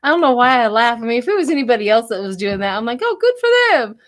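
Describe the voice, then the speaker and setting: A woman's voice: fairly high pitch, animated, racing, a little hiss or hum. An older woman from Colorado doing a casual, chatty tarot reading for her channel, laughing often and wandering into gossipy asides. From Colorado, United States. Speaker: tarot reader.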